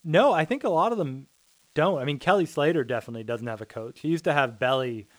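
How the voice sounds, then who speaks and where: A man's voice: fairly high pitch, lively intonation, quick pace. A man co-hosting a casual chat, earnest and ranting, with rambling asides. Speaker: podcast co-host.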